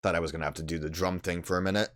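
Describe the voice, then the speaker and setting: A man's voice: deep voice, fairly even intonation, very fast, noisy background. A man hosting a let's play, making wry, offhand asides about the game. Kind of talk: casual game commentary.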